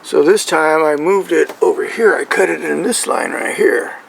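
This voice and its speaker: A man's voice: fairly high pitch, moderate pace, creaky, slight background noise, rough recording. A man casually explaining his truck engine while working on it, rambling and often checking in with "right?".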